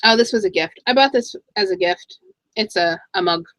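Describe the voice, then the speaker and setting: A middle-aged woman chatting casually in a thrift haul vlog, excitable and talking to herself as she goes through her finds. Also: mid-range voice, normal speed, low-quality recording. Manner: chatty, excitable, talks to herself while browsing items. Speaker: thrift reseller vlogger.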